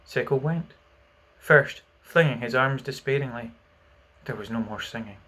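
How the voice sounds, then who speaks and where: A man reading a children's classic aloud as an audiobook, telling the story expressively and dropping quiet for narration. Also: mid-range voice, normal speed, slightly rough.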